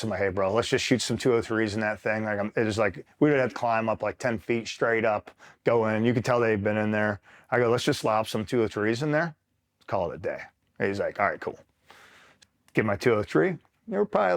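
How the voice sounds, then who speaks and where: A middle-aged man from upstate New York, a retired Marine, casually telling war stories, swearing freely and acting out quotes with a laugh. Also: medium pitch. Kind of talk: casual storytelling interview.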